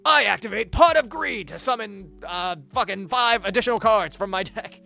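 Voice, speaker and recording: Guy putting on a loud dramatic anime duel hero voice, pitched way up, shouty. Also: expressive, normal speed, gravelly, soft background music, full character voice. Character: hyped young male anime card-duel hero.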